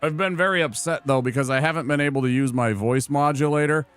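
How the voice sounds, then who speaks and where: A man's voice: a little high, fast talker, a bit bright, clean tone, dry recording. A young man playing a video game and chatting casually, joking and rambling with restarts. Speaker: gaming streamer. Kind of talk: casual let's-play chat.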